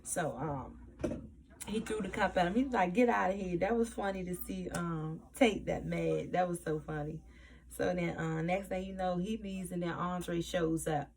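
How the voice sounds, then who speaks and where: Woman, lower voice, casual episode recap, acts out quotes. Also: moderate pace, slight background noise. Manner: animated, acts out quoted lines in a raised voice. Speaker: TV episode reviewer.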